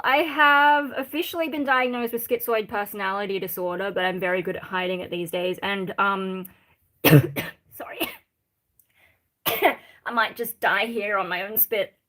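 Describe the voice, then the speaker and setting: A woman's voice: fairly high pitch, a bit bright. An Australian woman from Sydney, a streamer who rambles while reading chat comments aloud and answering them. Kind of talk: casual live-stream chat.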